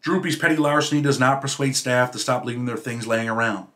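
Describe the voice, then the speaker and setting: A man reading aloud from his own memoir about prison life, in a steady storytelling way. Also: medium pitch, fairly quick. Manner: steady storytelling read, dropping quieter at sentence ends.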